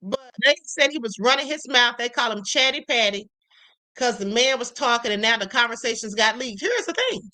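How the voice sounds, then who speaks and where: Sassy high-voiced woman host. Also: animated, normal speed, bright, forceful tone. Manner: sassy, emphatic, calls viewers honey. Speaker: livestream show host. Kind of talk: opinionated commentary to viewers.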